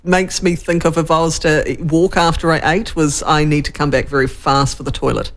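A woman's voice: deep voice, fairly even intonation, normal speed. A woman co-hosting a breakfast radio show, bantering playfully and laughing easily. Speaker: radio co-host. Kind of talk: casual on-air chat.

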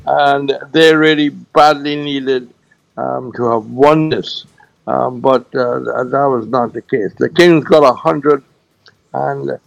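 Man, cricket news presenter, gravelly, dry studio sound. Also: medium pitch, dry recording, poor audio. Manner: halting, repeats scores slowly with many fillers. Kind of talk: radio sports news segment.

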